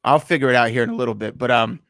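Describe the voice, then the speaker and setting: A man with a mid-range voice hosts a sports talk show. He talks in an animated way and laughs often, and his voice is recorded dry and close. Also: medium pitch, racing, dry recording. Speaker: radio host, ring announcer. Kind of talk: casual radio chat.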